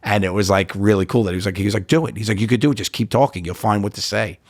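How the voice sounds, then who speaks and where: Fast-talking man telling stories. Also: on the low side, no room sound, studio quality. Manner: animated storyteller, quotes himself and others, frequent "like" and "you know". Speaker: podcast guest, comedian. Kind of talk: casual interview chat.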